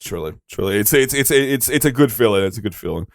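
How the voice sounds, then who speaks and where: A man co-hosting a podcast in playful, casual chat, tossing in quick quips. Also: fairly low pitch, animated, dry recording, clean studio sound. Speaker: podcast co-host.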